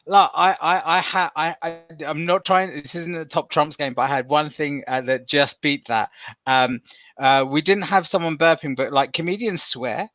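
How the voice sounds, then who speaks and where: A man, a comedian, telling animated stories in a casual video-call panel chat. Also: on the high side, moderate pace, no room sound. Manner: animated storyteller, playful swearing. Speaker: comedian guest.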